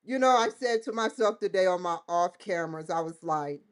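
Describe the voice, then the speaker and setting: A woman's voice: on the low side, expressive, a little fast, hardly any pauses. Rambling, laughing woman vlogger. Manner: rambling, laughs often, acts out dialogue in quotes. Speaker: vlog host. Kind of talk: casual chat to camera.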